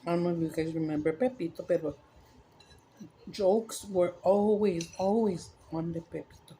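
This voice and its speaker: Brief: woman vlogger, relaxed mellow voice, rambling storyteller, faint background hiss. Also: lowish voice, moderate pace. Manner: rambling, animated joke-telling with frequent self-corrections. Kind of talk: casual storytelling.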